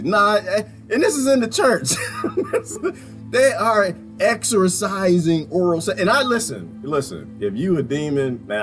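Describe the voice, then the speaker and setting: A man's voice: a little high, fairly bright tone. A man giving rambling, mocking reaction commentary, laughing often.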